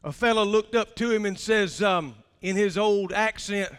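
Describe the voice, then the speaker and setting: An older man preaching from the pulpit, his voice pitched very high and bright. He tells homely stories and stretches out words slowly to press a point home. The sound rings with the long reverb of a church hall. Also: clear, resonant tone. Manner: folksy storytelling with drawn-out emphasis. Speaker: pastor. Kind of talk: sermon. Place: church sanctuary.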